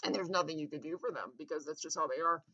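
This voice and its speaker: A vlogger delivers a rambling, contemptuous ranting monologue to camera, repeating herself and trailing off mid-thought. Her voice sits low and sounds sharp as she talks fast, and the audio is dull.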